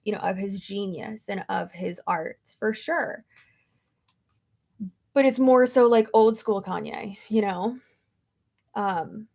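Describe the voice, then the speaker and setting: A woman's voice: mid-range voice, creaky. A woman vlogger chatting casually, rambling through a story with lots of fillers and restarts. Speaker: beauty vlogger.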